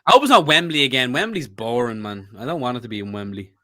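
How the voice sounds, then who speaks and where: A man with an Irish accent, co-hosting a casual football chat podcast in an animated, profane, laughing way. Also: medium pitch, fast. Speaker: podcast co-host.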